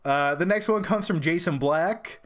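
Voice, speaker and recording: A man's voice: on the high side, moderate pace, fairly bright tone. A man hosting a casual live-stream Q&A about movies, rambling and opinionated with frequent restarts. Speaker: host of a film review channel.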